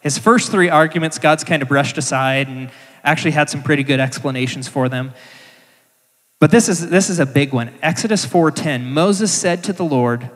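A man's voice: a little high, normal speed, a bit bright. A man preaching a sermon in a church, conversational and emphatic. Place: church sanctuary. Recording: echoey church hall.

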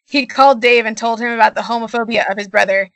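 A young woman co-hosting a podcast, reading an absurd story aloud in a deadpan way over a video call. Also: on the high side, quick pace, gravelly, no room sound. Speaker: podcast co-host.

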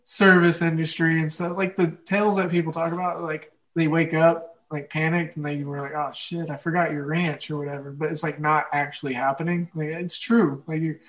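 A man's voice: fairly high pitch, flat delivery, brisk, few pauses, a bit bright, poor audio. A young man with an Oklahoma Midwestern accent hosts a casual podcast chat, rambling with lots of fillers and frequent laughs. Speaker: podcast host.

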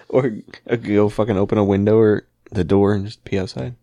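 A man's voice: fairly low pitch, fairly even intonation, normal speed, warm tone, highs cut off. A man in casual chat, laid-back, mostly giving short replies.

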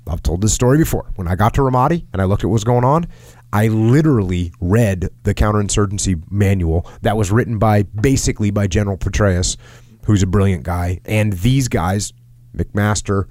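A middle-aged man in a casual podcast talk, reading from an article and acting out quotes with lively jumps in pitch. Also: moderate pace, no room sound, clean studio sound. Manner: animated storyteller, acts out quotes in a raised pitch. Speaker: podcast host.

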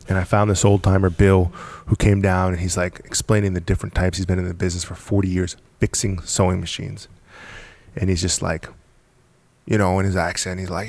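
A very low, gravelly male voice recorded close and dry on a studio podcast mic. He is a blunt, driven guest who tells his story casually, with the odd curse and a short laugh. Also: flat delivery, a little fast, a little mellow, no room sound. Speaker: podcast guest, apparel company founder.

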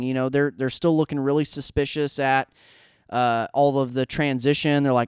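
Man with a very clear voice. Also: mid-range voice, no room sound, clean studio sound. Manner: animated, quick asides, acts out characters' lines. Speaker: podcast co-host. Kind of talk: casual fan discussion.

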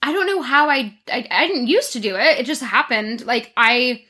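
A woman's voice: on the high side, animated, sharp tone. A young woman hosting a lifestyle podcast from her bedroom, chatting in a gushing, effusive way with lots of fillers. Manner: gushing, effusive, quick filler-laden talk. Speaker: podcast host. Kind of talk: casual chat.

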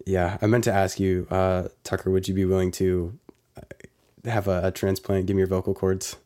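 Young male podcast co-host, joking, coughing a little, lower voice. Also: little pitch movement, moderate pace, mellow. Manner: joking, playful. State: sick, coughing. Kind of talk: casual podcast banter.

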